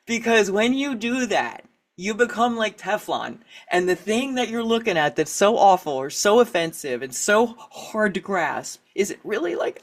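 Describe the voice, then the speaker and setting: A middle-aged woman, an author and writing coach, speaking candidly as an interview guest. She is animated, laughs often and acts out quoted reactions. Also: medium pitch, moderate pace.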